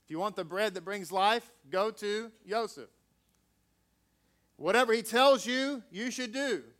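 A man's voice: high voice, fairly bright tone, clean tone. A man reading scripture aloud and then preaching in a conversational way, joking with the congregation. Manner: conversational, jokey asides with audience.

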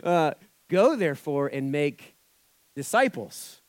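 A male pastor gives a sermon in a relaxed, conversational style, dropping into quoted voices along the way. His pitch is middling and his pace moderate. The recording is close-miked and dry, with no room echo.

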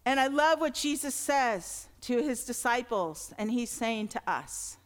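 A woman's voice: a little high, animated, measured pace. A middle-aged woman pastor giving a sermon in an earnest, conversational way, swelling into emphatic lines. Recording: long reverb of a large hall.

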